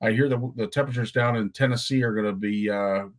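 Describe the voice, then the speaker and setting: A man's voice: lowish voice, fairly even intonation, fast talker. A man from Canada hosting a talk show, chatting casually with jokes at his own expense. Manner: jokey, self-deprecating. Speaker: host. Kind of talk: casual chat.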